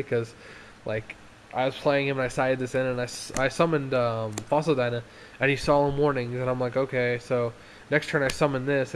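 Young dude vlogging his card deck, excited, laughing a lot, a bit of faint noise in the back. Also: medium pitch. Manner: excitable, laughs often, acts out opponents. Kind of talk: casual deck review.

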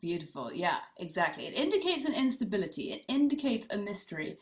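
Very animated and fast-talking, a woman rabbi with a mid-range voice leads a casual online study session, with a little hiss or hum in the audio. She's thoughtful, thinking aloud through fillers and restarts, and she reads participants' comments out loud.

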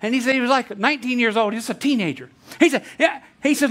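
A man preaching a sermon as pastor, animated and quick to laugh, acting out a story with voices. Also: very high voice. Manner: animated, laughs often, tells stories with voices.

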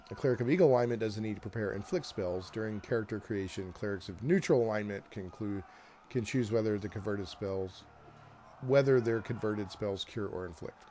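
A man with a low voice narrates his gameplay in a relaxed, thinking-aloud way. He reads bits of on-screen text and mutters through menus. Faint game sounds hum in the background. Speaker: gameplay host. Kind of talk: casual gameplay commentary.

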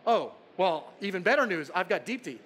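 A man telling a story voices an eager, inexperienced young ship captain who stammers and pitches himself with overenthusiasm. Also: sing-song, a little fast, fairly bright tone, slight background noise. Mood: eager pitching.

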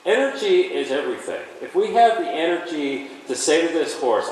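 Animated man teaching in an echoey arena. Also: a little high, quick pace, few pauses. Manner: emphatic, animated, talks through each step. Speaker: horse trainer. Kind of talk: instructional demonstration. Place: indoor horse arena. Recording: echoey arena from far off, faint noise.

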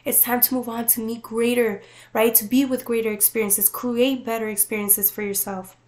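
Woman, tarot reader, fairly high voice, animated, playful, swears casually. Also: normal speed. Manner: animated, playful and profane, often laughing. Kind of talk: casual tarot reading to viewers.

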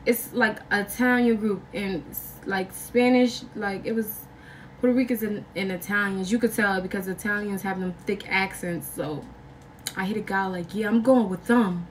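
A young woman vlogger telling a story in a casual, slangy, animated way, acting out other people's lines. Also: medium pitch, normal speed, distant mic, slight background noise. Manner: animated, slangy, acts out quotes with big jumps in voice.

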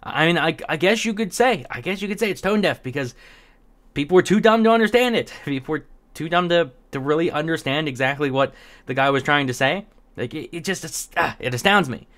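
A man's voice: a little high, expressive, fairly quick, fairly bright tone. A man giving casual political commentary, exasperated and sarcastic, stumbling over restarts and laughing in disbelief. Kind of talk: casual commentary reading tweets.

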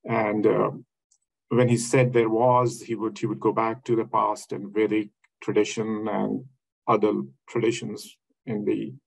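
A man's voice: on the low side, little pitch movement, measured pace, creaky, breathy edge, poor audio. A man giving a webinar lecture over a video call, thinking aloud with many fillers and restarts. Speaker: academic speaker.

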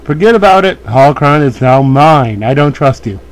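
A man's voice: medium pitch, expressive, moderate pace, low-quality recording. A man giving casual, joking commentary while playing a video game, often laughing at himself. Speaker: let's play host.

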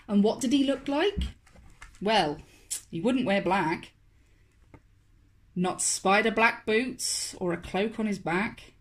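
A woman, a children's author, reading a picture book aloud to toddlers in a slow, expressive, sing-song way. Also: mid-range voice. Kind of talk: storybook read-aloud for toddlers.

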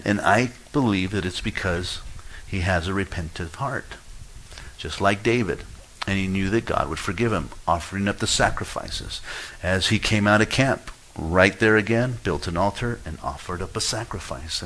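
A man with a low voice preaching a sermon as pastor. He talks in a conversational way, with restarts and fillers. When he acts out a prayer, his voice climbs and turns pleading. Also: pushed and bright, low-quality recording. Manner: pleading, rises in pitch and volume when acting out prayers. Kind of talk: expository sermon.

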